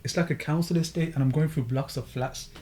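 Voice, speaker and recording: A man telling a story in casual podcast chat, acting out the dialogue in it. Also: a little high. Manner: fast, animated, acts out dialogue in the story. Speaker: podcast guest.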